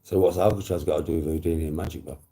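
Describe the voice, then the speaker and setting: A man's voice: a bass voice, steady tone, racing, warm tone. A man hosting a casual chat, teasing his guest in a laid-back, easygoing way.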